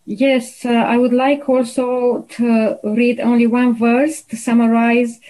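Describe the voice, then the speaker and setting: Woman, panelist, mellow and slow, careful verse reading. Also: on the high side, little pitch movement, low-quality recording. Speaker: Bible study panelist. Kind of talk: reading a verse in a Bible study.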